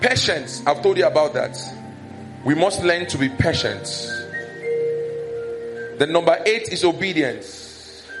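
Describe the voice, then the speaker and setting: Animated Nigerian pastor preaching. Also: male voice, on the high side, measured pace, long pauses, over music. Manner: animated, acts out scolding and village gossip in raised voice. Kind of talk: sermon.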